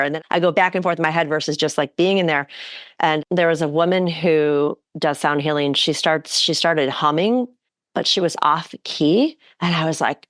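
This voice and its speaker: Low-voiced woman podcast host, giggly. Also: normal speed, no room sound, studio quality. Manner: giggly, animated storyteller. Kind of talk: casual interview chat.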